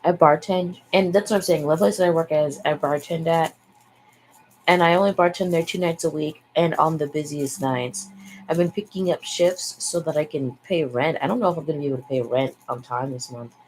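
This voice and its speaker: A young woman vlogger rambles frankly in casual chat, sighing and swearing freely. Her voice is low-pitched, fairly quick and a little mellow, and the audio is poor with faint background noise.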